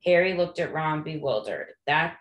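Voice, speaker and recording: A woman reads a novel aloud in a low-pitched voice. Her delivery is steady and plain. The recording carries a noticeable roomy echo. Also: moderate pace, highs cut off. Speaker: reader. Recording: echoey room.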